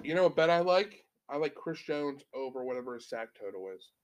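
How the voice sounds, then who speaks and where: A man's voice: mid-range voice, animated, fairly quick. A man co-hosting a sports podcast, bantering casually with brash, profane jokes.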